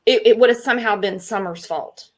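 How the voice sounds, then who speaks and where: A woman's voice: mid-range voice, brisk. A woman co-hosting a casual true-crime discussion, outspoken and sarcastic. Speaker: podcast co-host.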